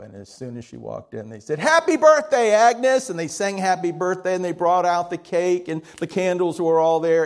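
A male preacher with a somewhat high voice tells a story from the pulpit in a folksy manner, giving each person in it their own lines. He talks with halting restarts and often drops to a quiet tone. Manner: folksy storytelling with acted-out dialogue. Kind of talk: sermon storytelling.

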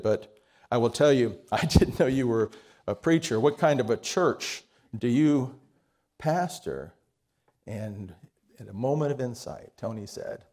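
A man's voice: mid-range voice, darkish tone. A man preaching a sermon, telling a story in a folksy way and acting out its dialogue with frequent restarts.

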